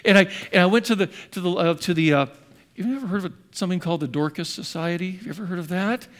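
A man preaching a sermon as a pastor, telling a personal story with lively back-and-forth dialogue acted out. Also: high-pitched, fast talker. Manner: animated storytelling, acting out both sides of a dialogue.

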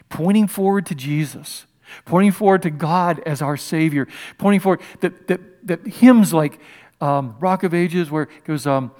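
A male pastor delivers a lively, conversational sermon, throwing questions out to his listeners as he retells a Bible story. His voice sits high for a man. He talks in an animated way.

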